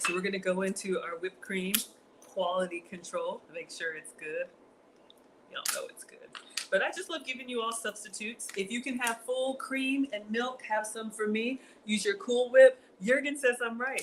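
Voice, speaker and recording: A woman's voice: medium pitch, noisy background. Chatty woman demoing a recipe at home. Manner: chatty, addresses viewers as y'all. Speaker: cooking vlogger. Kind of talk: casual cooking demonstration. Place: home kitchen.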